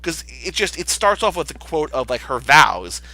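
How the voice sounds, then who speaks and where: A man's voice: on the high side, big pitch swings, moderate pace, sharp tone, poor audio. A male podcast co-host recapping a film in casual chat, acting out the characters' lines. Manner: retells scenes, acting out quotes, swears freely.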